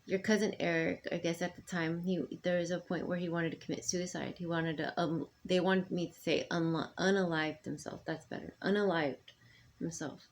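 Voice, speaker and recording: A middle-aged woman speaking to her sons in a rambling, halting personal monologue full of ums and restarts. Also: lowish voice, flat delivery, slight background noise. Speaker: mother addressing her sons.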